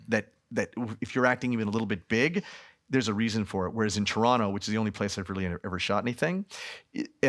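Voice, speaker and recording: Guy in his 30s doing a festival q&a, super animated, laughs a lot, acts out people. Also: mid-range voice. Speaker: film director guest. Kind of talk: festival Q&A talk.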